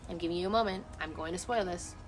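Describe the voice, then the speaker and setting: A woman's voice: on the low side, quick pace. A woman streaming outdoors at night, chatting casually with her viewers. She rambles, gets emotive and swears freely. There is a faint hiss of outdoor ambience behind her. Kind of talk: casual chat. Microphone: phone camera.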